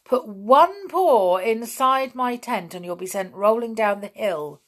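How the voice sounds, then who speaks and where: A woman's voice: on the high side, expressive, unhurried, voice pushed up. A woman reading the part of a cheeky, teasing schoolboy in a storybook, in a playful, mock-threatening manner. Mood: mock-scolding.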